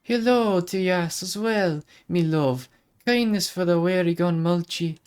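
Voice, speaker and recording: A woman's voice: on the low side, unhurried, a little mellow, clear, resonant tone, faint music behind, voice pushed up, lightly acted. Woman putting on a lilting mystical traveler, Irish-type lilt. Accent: put-on Irish-type lilt. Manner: garbled old-timey phrasing, lilting. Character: mysterious wandering magic woman.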